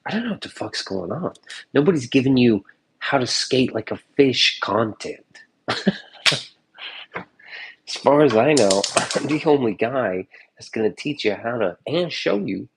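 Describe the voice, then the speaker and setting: A man's voice: medium pitch, lively intonation, unhurried, vocal fry, background noise. A man chatting casually in his kitchen in a vlog, joking and swearing loosely. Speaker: streamer. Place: home kitchen.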